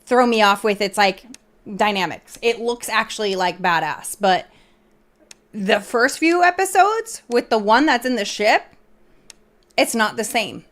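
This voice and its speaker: A woman's voice: fairly high pitch, animated, unhurried, a bit bright. A woman streamer chatting casually in a rambling way, full of fillers and restarts.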